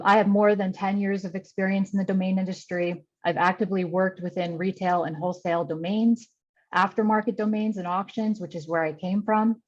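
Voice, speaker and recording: A woman's voice: lowish voice, muffled recording. A woman giving a formal, methodical candidate statement that lists her credentials. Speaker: candidate for advisory council.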